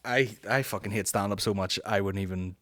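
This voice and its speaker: A man with a Northern Irish accent hosts a casual podcast, answering listener questions in a rambling, profane way with quick mocking impressions. His voice is lowish and a bit bright, and the recording is dry.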